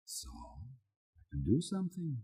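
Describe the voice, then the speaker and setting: A man's voice: medium pitch, huge pitch swings, takes it slowly, dark tone, slightly rough. A man teaching, telling a personal story in an informal, storytelling way. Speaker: Human Design teacher. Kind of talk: talk to a group.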